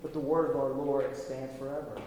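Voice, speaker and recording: A man's voice: mid-range voice, little pitch movement, normal speed, warm tone, slight background noise, pitched below the performer's own voice, lightly acted. A man imitating a drawling Southern pastor. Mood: solemn. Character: older white Southern male pastor reading scripture. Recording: echoey hall from far off.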